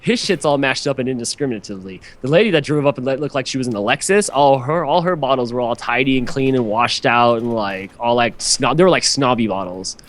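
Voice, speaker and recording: A man's voice: mid-range voice, expressive, quick pace, hardly any pauses. A man on a podcast telling a long story in a rambling, profane way, full of "like" fillers. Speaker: podcast host. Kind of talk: casual storytelling chat.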